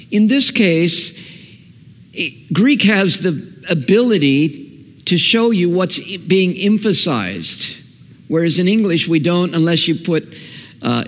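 A man preaching to his congregation in a lively, emphatic style, leaning hard on repeated phrases. His voice sits a little high for a man. The sound carries a long reverb from a large church hall. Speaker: pastor. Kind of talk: sermon.

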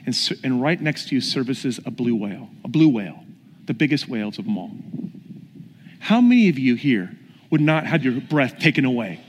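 A man's voice: medium pitch, sing-song, normal speed, a little hiss or hum. Man preaching in a reverberant hall. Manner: storytelling, questions the audience. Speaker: pastor. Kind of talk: sermon.

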